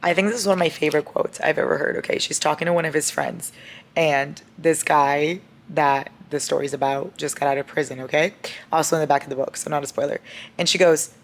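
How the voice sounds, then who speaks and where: A young woman talks through her reading in a loose, casual vlog, reacting out loud as she goes. Her voice sits a little low. She swears freely and jumps from chatter to shocked outbursts. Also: a little fast. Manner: chatty, expressive, swears freely, bursts into laughter and shocked outcries. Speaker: book vlogger.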